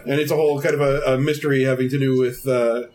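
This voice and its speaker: A man's voice: medium pitch, level tone, fast, a little mellow. Man, podcast host, mid-range voice, eager, long-winded. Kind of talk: casual podcast chat.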